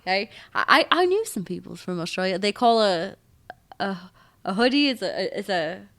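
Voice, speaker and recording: A woman's voice: mid-range voice, sing-song, moderate pace, gravelly, a bit bright. A young woman co-hosting a casual podcast chat, blunt and swearing freely. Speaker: podcast co-host.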